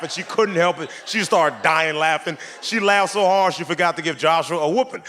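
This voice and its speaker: A man doing a stand-up comedy set on stage, animated and jumping into high shouted voices when acting out quotes. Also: moderate pace, few pauses. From Portland, Oregon. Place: theater stage before a live audience. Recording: live stage recording with audible audience noise.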